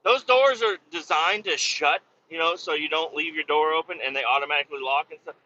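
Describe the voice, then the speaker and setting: A man hosting a podcast, telling a profane comedic story in an animated rant with loud exasperated outbursts. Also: fairly high pitch, brisk, lo-fi sound. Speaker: podcast host.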